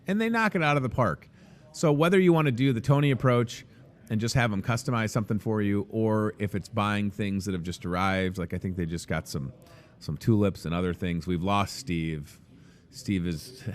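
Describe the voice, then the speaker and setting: A man's voice: fairly low pitch, lively intonation, moderate pace. A man hosting a casual live show from inside a grocery store, joking and rambling in an upbeat way. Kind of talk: casual live promo chat.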